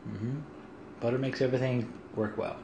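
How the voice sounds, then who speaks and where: A middle-aged man chatting casually on a home livestream, lively and quick to laugh. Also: mid-range voice, gravelly. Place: home kitchen. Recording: echoey room, faint hiss.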